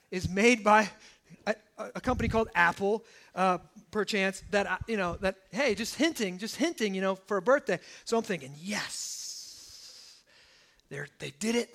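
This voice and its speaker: A man in his thirties preaching a sermon in a church, telling personal stories in an animated way and often asking "okay?". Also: high voice. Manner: animated storytelling, asides like "okay?". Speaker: pastor.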